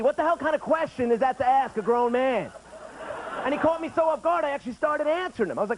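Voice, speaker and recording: This man's very high-pitched, expressive voice is unhurried and pauses often. He is a stand-up comedian in his thirties performing a chatty late-night TV set with an audience, acting out other people's lines, in noisy 1990s broadcast audio.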